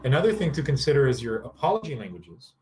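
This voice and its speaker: A man at a mid pitch runs a casual online relationship workshop over a video call. He sounds tired yet stays lively, slipping into little acted-out exchanges as he explains. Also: quick pace, slight background noise. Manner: lively, acts out sample dialogues.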